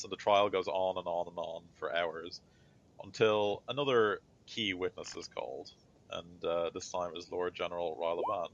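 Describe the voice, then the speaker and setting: Low-voiced rambling game master. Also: male voice, a bit bright. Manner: loose, rambling, filler-heavy. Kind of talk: narrating a tabletop game. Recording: dull lo-fi recording.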